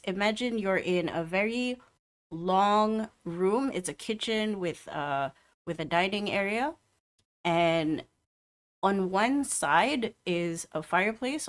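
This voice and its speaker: A woman narrating as game master of a tabletop game, hesitant with many fillers. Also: lowish voice.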